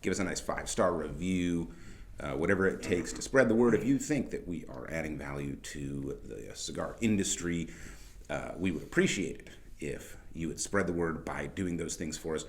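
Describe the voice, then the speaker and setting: Male podcast host, very low voice, easygoing banter, swears freely. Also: lively intonation, normal speed. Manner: laid-back, profane, joking. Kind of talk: casual chat.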